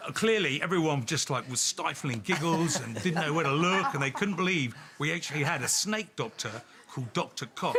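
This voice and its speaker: A man from London telling an anecdote to a TV show audience in a brisk, self-deprecating way. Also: a little high, noisy background. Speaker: audience member telling a story.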